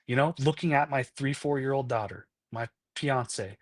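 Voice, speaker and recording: An earnest man in his thirties tells his own story with open, unpolished honesty. His voice sits at an ordinary middle pitch. It is captured dry and close, with little room sound around it. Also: normal speed, no echo. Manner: earnest, keeps checking in with "right?" and "you know?"; acts out past conversations in quoted voices. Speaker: podcast guest. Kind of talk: candid personal storytelling.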